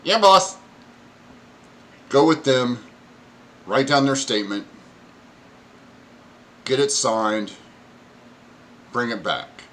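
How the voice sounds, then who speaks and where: A man voicing an eager snaggle-toothed male goblin underling who talks high and loud. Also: big pitch swings, very slow, pauses often, heavily acted.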